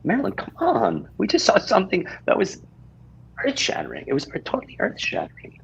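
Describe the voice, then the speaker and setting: A man's voice: sits high, huge pitch swings, fairly quick, vocal fry, highs cut off, a little hiss or hum, heavily acted. An actor playing a flustered married man with a brood of children, stammering and repeating himself as he urgently pleads in an improv scene on stage. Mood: frantic. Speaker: improv performer. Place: theater stage.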